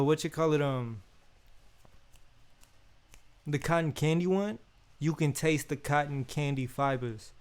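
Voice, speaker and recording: A man's voice: on the high side, clean tone. Laid-back Bay man, slangy. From Oakland, California. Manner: laid-back, slangy, keeps repeating "you feel me". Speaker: unboxing host. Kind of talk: casual unboxing chat.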